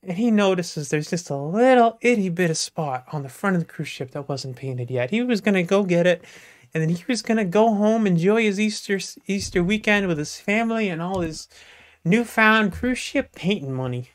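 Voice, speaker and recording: A comedian telling a long shaggy-dog joke live, with drawn-out, playful narration and sudden bursts. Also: medium pitch, expressive. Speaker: comedic storyteller.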